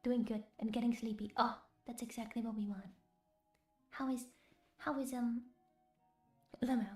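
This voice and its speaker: A woman's voice: fairly high pitch, fairly even intonation, normal speed, long pauses. Whispering woman streamer, whispered role-play. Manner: soft whispered chat, giggly, chats with viewers. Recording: roomy with faint music.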